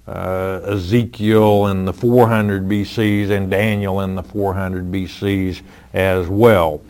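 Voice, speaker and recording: A man answering listeners' Bible questions in a firm, measured, plain-spoken way. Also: fairly low pitch.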